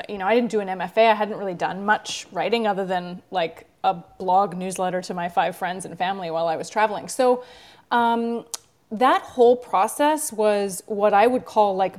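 A woman's voice: medium pitch, moderate pace. Woman, author, casual interview, reflective, chatty, lots of fillers.

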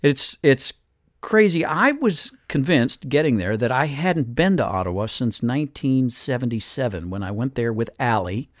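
This is an older man in his sixties telling a story on a podcast, rambling casually and stopping often on fillers. His voice sits at an ordinary middle pitch. It is recorded dry and close, with no room sound. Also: no room sound. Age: 60s. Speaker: podcast host.

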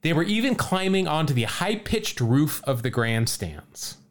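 A man hosting a podcast, telling a story in casual chat, animated and laughing often as he reads out quotes. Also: a little high, unhurried. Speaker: podcast host.

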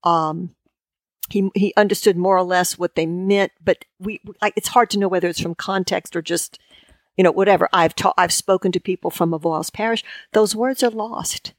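A woman, a guest in a conversational interview, talking in halting bursts full of restarts and fillers. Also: lowish voice, steady tone, no room sound, clean studio sound. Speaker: guest lexicographer.

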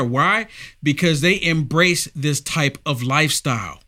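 A male show host delivers opinionated commentary with emphatic repetition and rhetorical questions. His voice is bright and a little high, and the sound is dry and close. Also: unhurried, no room sound. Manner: emphatic, repeats lines and asks rhetorical questions.

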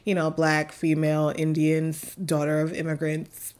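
A woman's voice: deep voice, monotone, moderate pace, darkish tone. A woman in her thirties co-hosting a casual podcast, chatting and laughing easily as she tells stories about her children. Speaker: podcast co-host. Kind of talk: casual chat.

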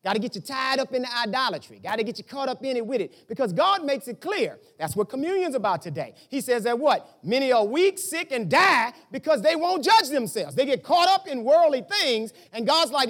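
Pastor guy preaching, really high voice, swings up n down, shouts sometimes. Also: fairly quick, few pauses. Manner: animated preaching, rhetorical questions, bursts of shouting. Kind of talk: sermon.

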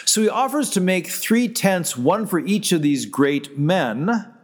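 A man's voice: high voice, animated, unhurried, big-room sound. A man, a pastor, preaching a sermon in a conversational way, stopping to restart and quoting scripture.

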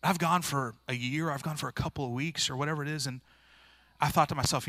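A man's voice: fairly high pitch, fairly even intonation, fast talker, pushed and bright, no room sound. A male pastor preaching a sermon in a plain-spoken, earnest, informal way, restarting phrases often. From rural area.

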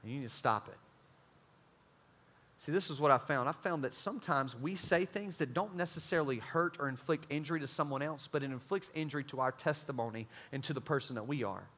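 A young man preaching a youth sermon, joking and acting out quick bits of dialogue. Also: fairly high pitch, bright, forceful tone. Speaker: youth pastor.

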